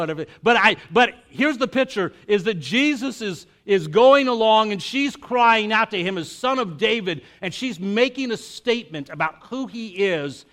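A man with a fairly high voice preaches to a congregation. He talks casually and animatedly, and often cuts himself off mid-thought to start again. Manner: conversational and animated, with frequent self-interruptions and restarts. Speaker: pastor. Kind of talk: conversational sermon.

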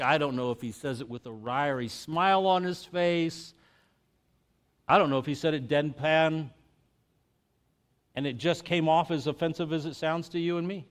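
High-voiced man preaching conversationally. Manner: conversational and animated, with frequent self-interruptions and restarts. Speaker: pastor. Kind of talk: conversational sermon.

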